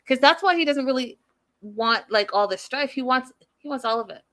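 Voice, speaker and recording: Sassy, animated woman recapping reality TV. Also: high-pitched, normal speed. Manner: animated, sassy, acts out the people she recaps. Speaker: recap show host.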